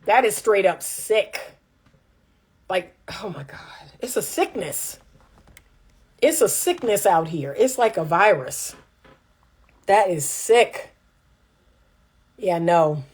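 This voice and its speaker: A woman's voice: mid-range voice, lively intonation, slow pace, long pauses, slightly rough. A woman relationship coach chatting casually and reading viewer comments. She is emphatic and repeats lines for punch.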